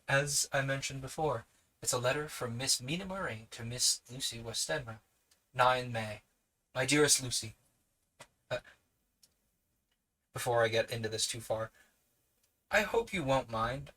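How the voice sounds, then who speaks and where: A man with a New Zealand accent and a bright, ringing voice reads a classic novel aloud on a livestream. He keeps drifting off the page to chat with his viewers, then settles back into the text. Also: medium pitch, poor audio. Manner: chatty, digresses and answers live chat between passages. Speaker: livestream book reader. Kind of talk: reading a novel aloud with casual chat asides.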